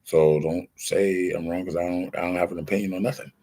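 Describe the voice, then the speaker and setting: A man's voice: deep voice, fairly even intonation, fairly quick, warm tone. A man hosting a casual livestream who rants insistently in streetwise slang and acts out the exchanges he retells. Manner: streetwise slang-heavy storytelling, acting out quoted exchanges; insistent, defensive. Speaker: livestream host.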